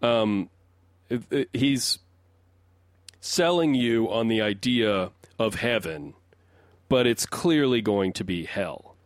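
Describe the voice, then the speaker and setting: A man's voice: fairly low pitch, lively intonation, slow, long pauses, no echo, clean studio sound. A man co-hosting a music podcast, rambling through his analysis in casual chat, often restarting sentences as he builds his point. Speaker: podcast co-host and resident song analyst.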